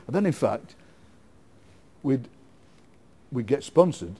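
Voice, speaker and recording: A middle-aged man with a Yorkshire accent, chatting in an interview as a guest poet, rambling and playful, quick to laugh. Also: medium pitch, lively intonation, dark tone, slightly rough. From England. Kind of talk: casual interview chat.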